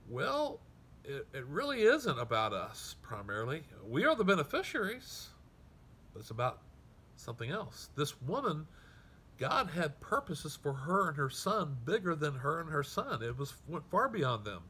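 A pastor delivers an expository sermon, reading passages aloud and then unpacking them with earnest emphasis. His voice is bright, and he softens noticeably when he reaches grave moments. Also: a little high, big pitch swings, normal speed, slightly rough. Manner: expository preaching, reads scripture aloud then explains it; earnest, emphatic, drops to soft tones at grave points.

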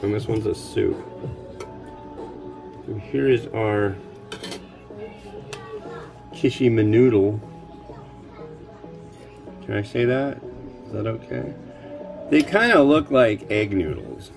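Slow-talking male cooking host, rambling and wry, music clearly underneath. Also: fairly low pitch, animated. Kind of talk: casual chat while cooking.

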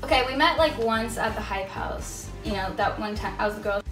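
A woman's voice: medium pitch, brisk, reverberant, recorded from a distance, music in the background, rough recording. A young woman chatting casually in a giggly, flustered way. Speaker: creator. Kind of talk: casual chat.

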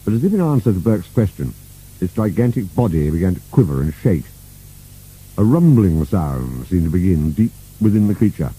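Warm husky low man reading a storybook, lively swooping delivery. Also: moderate pace, low-quality recording. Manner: expressive, playful reading. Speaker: narrator. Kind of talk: storybook narration.

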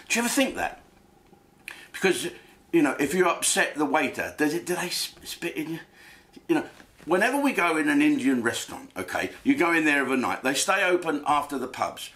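A man's voice: mid-range voice, expressive, brisk, bright, forceful tone. A man hosting a comedic rant from his home den, crude and rambling, swearing freely. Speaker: host.

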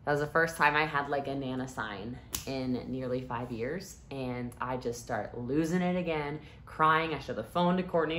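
Low-voiced woman telling a story, bright and forceful. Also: moderate pace, few pauses. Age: 30s. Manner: animated and expressive, swinging from hushed to loud, breaks into laughter. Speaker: vlogger. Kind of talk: emotional personal storytelling to camera.

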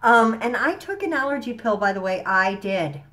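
A woman vlogger at home recaps a TV episode in a slightly high, bright, forceful voice, animated and at normal speed. She sounds a bit stuffy from allergies and rambles enthusiastically, chatty and full of slang and frequent fillers.

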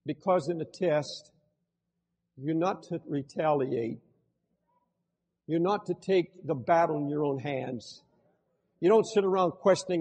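An older man preaching a sermon as pastor, with fervent swings between shouting and hushed tones. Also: on the high side, measured pace, pauses often, slightly rough, in a large hall.

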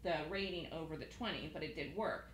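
A woman hosting a live trading room, talking fast and emphatically, repeating her points and laughing easily. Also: deep voice, echoey room, slight background noise, rough recording.

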